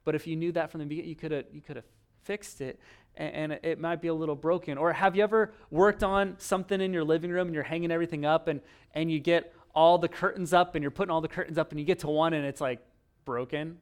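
A man's voice: a little high, fairly even intonation, fast, clear, resonant tone. A man preaching a sermon in a conversational, self-deprecating way, acting out little dialogues. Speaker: pastor.

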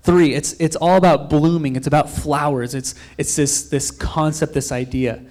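A man's voice: a little high, steady tone, moderate pace, darkish tone. A young man giving a loose, rambling sermon as a pastor, telling a story and acting out quotes of himself and others. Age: young adult. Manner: loose, rambling with frequent fillers and restarts.

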